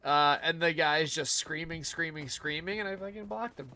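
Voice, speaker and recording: A man's voice: on the high side, moderate pace, sharp tone. Rambling, profane gamer guy. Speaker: gaming streamer. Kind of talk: casual gaming commentary. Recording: gameplay with clear gunfire behind. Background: game gunfire.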